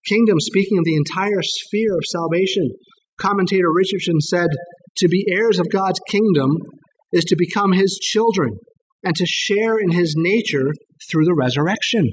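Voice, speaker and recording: A man's voice: high voice, moderate pace, big-room sound, highs cut off, slight background noise. A man preaching a sermon as pastor, with rising emphasis and rhetorical questions to the congregation.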